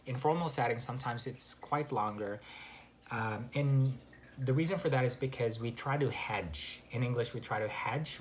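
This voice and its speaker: A man giving a casual spoken English lesson, relaxed and full of fillers and restarts. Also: mid-range voice, a little hiss or hum. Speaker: English teacher. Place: Canada.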